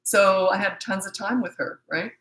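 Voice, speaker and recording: A woman's voice: medium pitch, normal speed, fairly bright tone, low-quality recording. A middle-aged woman from Canada, a parenting coach, answering viewer questions in a casual, blunt, matter-of-fact livestream chat.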